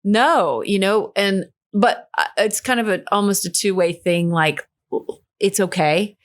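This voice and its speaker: A woman hosting a podcast, talking in a thoughtful, gently empathetic way in reflective casual conversation. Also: medium pitch, a little slow. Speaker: podcast host.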